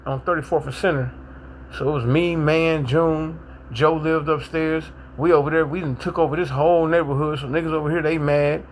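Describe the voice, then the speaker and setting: A middle-aged man casually telling his own recovery story with a Milwaukee accent, animated and acting out what people said. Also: gravelly, a little hiss or hum. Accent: Milwaukee, African American Vernacular English. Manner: animated, acts out quotes, rises to excited high pitch in tense moments.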